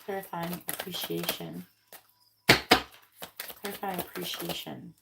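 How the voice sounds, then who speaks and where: A woman with a low, gravelly voice does a live tarot reading, murmuring the card draws over and over in between blunt, casual asides. Clicks and shuffling cards are loud behind her. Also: sing-song, a little slow, heavy background noise. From Florida, United States. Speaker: tarot reader.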